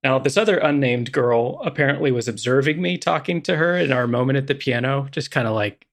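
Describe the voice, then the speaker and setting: A man's voice: medium pitch, animated, a little fast. A man co-hosting a podcast, telling a rambling, self-deprecating story in casual chat. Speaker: podcast co-host.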